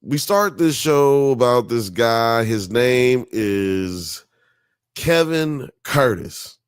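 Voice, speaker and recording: Podcast host, Southern drawl, mid-range voice, digressive and swearing freely, dry sound. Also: male voice, medium pitch, lively intonation, drawn-out words, smooth, dry recording. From Alabama. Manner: rambling, profane, digressive. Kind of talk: casual commentary on a TV documentary.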